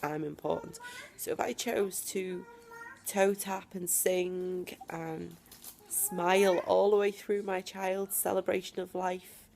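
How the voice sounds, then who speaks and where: A woman talking straight to camera from home in a personal video diary, emphatic and defiant, with deliberate pauses. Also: on the low side, level tone, gravelly, darkish tone, slight background noise. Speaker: vlogger.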